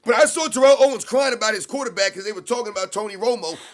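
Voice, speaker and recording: High-voiced excited man calling the game. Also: racing. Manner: animated, emphatic, repeats points. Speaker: co-host of live game reaction stream. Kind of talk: excited live game commentary.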